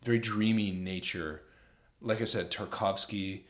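A man's voice: lowish voice, fairly even intonation, a little slow, fairly bright tone. A young man co-hosting a film review podcast, chatting casually and rambling with lots of fillers. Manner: rambling, many fillers, enthusiastic. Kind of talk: casual chat.

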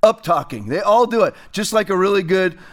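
A man's voice: sits high, expressive, fairly quick. A man hosting a political commentary show, talking in a sarcastic, mocking way.

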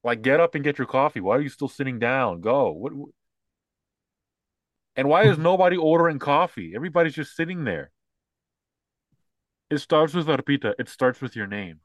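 A man's voice: expressive, normal speed, pauses often, no room sound. Dry-voiced man in mocking chat. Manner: mocking, acts out ad lines in high put-on voices. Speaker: podcast co-host. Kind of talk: casual opinionated chat.

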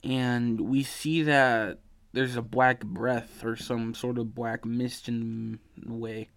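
Male podcast host, sleepy and yawning; slow, smooth delivery; rambling, profane game recap. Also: medium pitch, level tone. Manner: rambling, swearing, many fillers and restarts. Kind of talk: casual video game story recap.

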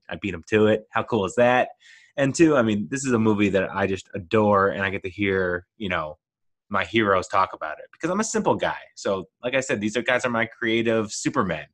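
Podcast guy, low-ish voice, rambling and gushing like a big fan. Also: fairly bright tone. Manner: gushing, enthusiastic fan talk. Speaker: podcast host. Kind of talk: casual solo podcast monologue.

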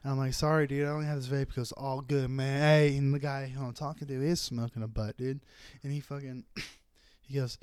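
A man's voice: mid-range voice, level tone, fairly quick, a little mellow, clear, resonant tone, no room sound, studio quality. A young man from the Bay Area, a comedian co-hosting a podcast, telling a long, profane, rambling story in casual chat. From San Francisco Bay Area. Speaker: podcast co-host and stand-up comedian. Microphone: close podcast mic.

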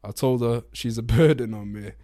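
A young man co-hosting a podcast, reading aloud in an even, steady delivery. His voice is mid-pitched and the sound is dry and close. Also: moderate pace, dry recording. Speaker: podcast co-host. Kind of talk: reading a post aloud, casual chat.

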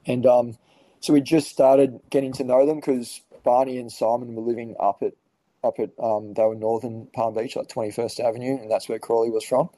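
A man's voice: mid-range voice, flat delivery, normal speed, mellow, no echo, poor audio. An Australian man, a podcast guest, telling a story casually with lots of fillers and swearing. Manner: laid-back, swears freely, lots of fillers.

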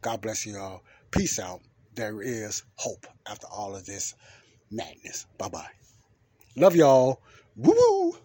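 A man with a low, somewhat husky voice preaches in a loose, conversational way. He circles back to the same phrases, stressing each point, and keeps checking in with his listeners. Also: steady tone, measured pace. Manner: repetitive, emphatic, says "okay?" and "you know" often. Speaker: Christian podcast host and preacher. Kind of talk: casual preaching talk.

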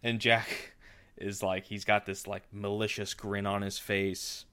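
A man retells a story for his podcast in a loose, rambling way, stopping and restarting his sentences as he goes. His voice is low and smooth. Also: flat delivery, a little slow, sharp tone. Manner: rambling, with frequent fillers and restarts. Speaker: podcast host. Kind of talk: casual story recap.

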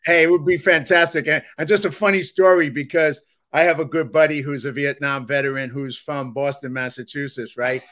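Bright-voiced New York man hosting. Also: on the high side, steady tone, a little fast. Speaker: podcast host. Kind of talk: casual chat.

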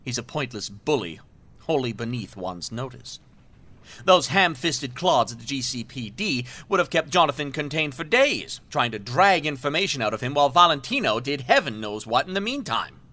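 A man's voice: medium pitch, very animated, normal speed, bright, forceful tone. An actor playing a pompous, self-serving male villain who talks in florid, mannered speech and laughs theatrically in an audio drama. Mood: scheming.

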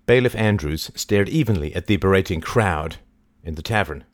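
A man narrating a novel in a low, measured storytelling voice. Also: lively intonation, dry recording. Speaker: audiobook narrator. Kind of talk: scripted narration.

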